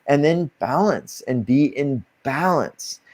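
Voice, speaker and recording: A man with a voice of ordinary, middling pitch speaks as a guest on an interview. He talks casually but earnestly, laying out spiritual advice step by step. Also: lively intonation, slow, a little mellow.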